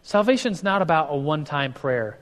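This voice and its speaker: This man's voice is a little high and a bit bright, with lively intonation and a fairly quick delivery. He's a pastor teaching a casual sermon, often starting sentences over and performing people's lines. Long hall reverb surrounds him.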